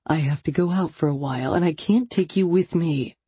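A woman voicing a brooding, angry adult biker man who speaks low and clipped. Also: fairly quick, warm tone, slightly rough, no room sound. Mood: seething.

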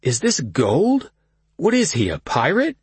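A man voicing a boisterous young man who teases his cousin loudly, higher than his own voice. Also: unhurried, slightly rough, no room sound, heavily acted. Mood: tipsy teasing. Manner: loud, excited, mocking.

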